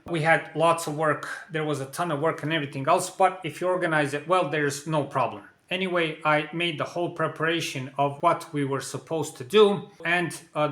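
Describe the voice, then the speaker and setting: A man's voice: on the high side, sharp tone. A man telling a personal story to camera in a plain, conversational way, often adding "you know". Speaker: vlogger. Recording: echoey room.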